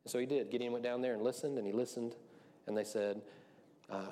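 A man's voice: mid-range voice, fairly even intonation, fast, warm tone. A man preaching a casual sermon, chatty and laughing often as he acts out the quotes.

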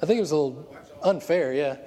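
Male pastor, lively storytelling sermon, slightly high voice, long hall reverb. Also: fast. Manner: animated storytelling with frequent laughter.

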